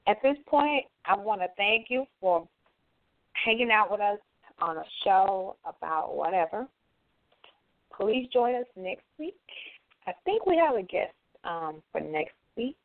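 A woman hosting a loose chat show, easygoing and quick to tease her crew. She speaks unhurriedly in a dry, close sound. The line is thin and phone-like. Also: medium pitch, no echo. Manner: relaxed, teasing, laughs easily. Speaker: host. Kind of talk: casual chat.

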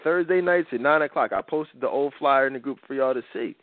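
A male talk-radio host makes his case with emphatic conviction, circling back on his words as he goes. His voice sits at a middle pitch. It comes through narrow and tinny, dry with no room sound. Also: brisk, no echo. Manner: earnest, emphatic, repeats words while building a point. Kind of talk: casual talk radio chat.

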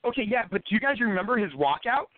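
Fast-talking profane man on a phone line. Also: high voice, very animated, a crowd in the background. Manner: profane, rambling, rapid-fire. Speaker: podcast guest, former fighter. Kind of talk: casual storytelling.

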